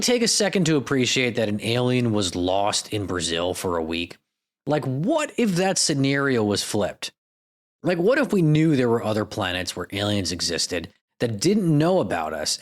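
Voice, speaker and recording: A man hosting a comedic solo podcast, riffing sarcastically and with plenty of profanity. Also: mid-range voice. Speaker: podcast host.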